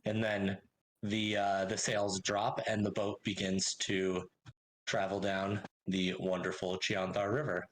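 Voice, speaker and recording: A man running a tabletop game as game master, narrating in a relaxed, hesitant way with lots of fillers. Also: lowish voice, a little slow, low-quality recording.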